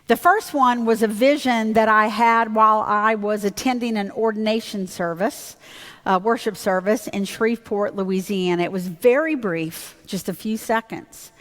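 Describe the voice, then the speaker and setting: A woman's voice: mid-range voice, normal speed, fairly bright tone. A woman pastor preaching a sermon in a church, telling a personal story in a candid, conversational way with fillers and self-corrections. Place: church sanctuary. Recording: long reverb of a church hall.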